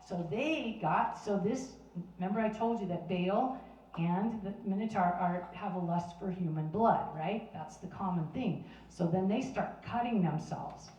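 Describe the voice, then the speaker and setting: A woman's voice: medium pitch, unhurried. Woman Bible teacher, talkative storyteller, recorded from across a roomy space. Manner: chatty and animated, with many restarts and fillers. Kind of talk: casual storytelling sermon. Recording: roomy sound from a distant mic.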